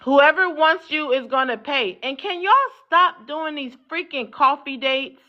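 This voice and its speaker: A woman's voice: sits high, a little slow, muffled recording. A woman hosting a live talk show panel who keeps cutting in and firmly tells others to hold on. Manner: bossy, cuts in, hold on repeatedly.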